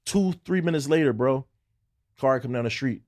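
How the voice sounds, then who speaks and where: A young man from Philadelphia, a podcast guest, telling a story in casual chat, animated and cursing freely. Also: medium pitch, moderate pace, dry recording, studio quality. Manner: animated storyteller, acts out quotes in raised voice, swears freely. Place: podcast studio.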